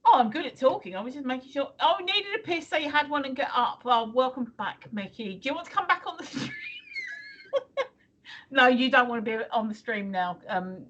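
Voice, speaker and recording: A woman's voice: sits high, lively intonation, fairly quick, a bit bright, dull audio. A woman in her fifties or sixties co-hosting a casual livestream, teasing and laughing as she chats. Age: 50s or 60s. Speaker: stream co-host.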